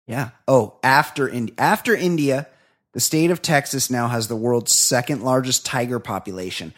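A man co-hosts a comedy podcast, bantering casually in a medium-pitched, slightly bright voice at a moderate pace. He swears often and comes across as emphatic and indignant.

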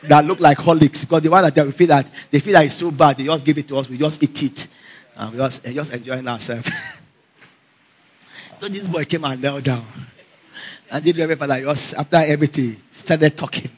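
A man with a fairly quick, husky voice on the high side preaches a sermon. An animated storyteller, he laughs often and calls out to the congregation for responses.

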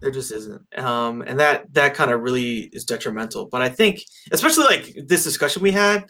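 A man's voice: medium pitch, expressive, fairly quick, pushed and bright. A man in casual conversation about a film, rambling with lots of fillers and restarts. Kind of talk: casual movie discussion.

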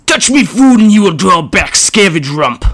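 A man's voice: high-pitched, very animated, normal speed, a bit bright, pitched above the performer's own voice, full character voice. A man voicing greedy orc god voices that speak inside a warboss's head, coarse and leering, in a storybook reading.

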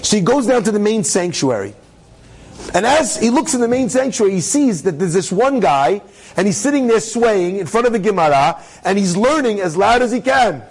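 A man with a high voice tells a story to a live audience, animated and full of asides. He jokes with the listeners and acts out each character as he goes. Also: moderate pace, breathy edge, low-quality recording. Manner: animated, joking, acts out characters, uses Hebrew terms.

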